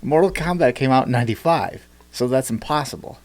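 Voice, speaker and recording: A man's voice: mid-range voice, brisk. A man co-hosting a podcast in casual chat, joking and laughing often. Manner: laughs a lot, animated and joking. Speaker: podcast co-host.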